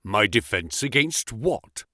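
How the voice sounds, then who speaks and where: A man's voice: fairly low pitch, very animated, slow, sharp tone, no echo, clean studio sound, heavily acted. A man reading an audiobook, voicing a fierce, hot-tempered middle-aged explorer in a stern, menacing way. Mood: threatening.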